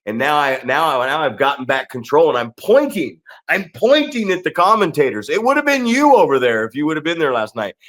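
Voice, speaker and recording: A man's voice: on the high side, very animated, a little fast, hardly any pauses, a bit bright. Profane man telling a rambling story. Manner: profane, rambling, keeps asking "right?". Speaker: podcast co-host and pro wrestler. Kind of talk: casual podcast storytelling.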